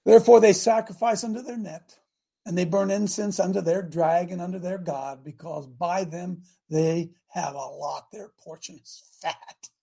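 A man hosting a preaching broadcast, reading scripture aloud and breaking into fiery, animated asides. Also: high-pitched, normal speed, creaky, husky. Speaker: radio preacher host.

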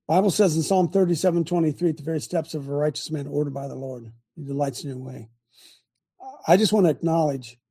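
A man's voice: on the high side, mellow, breathy edge. An older man hosting a talk show, preaching in a folksy, emphatic way and repeating his points, recorded in a small home studio. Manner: folksy, emphatic, repeats phrases, quotes scripture. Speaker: host.

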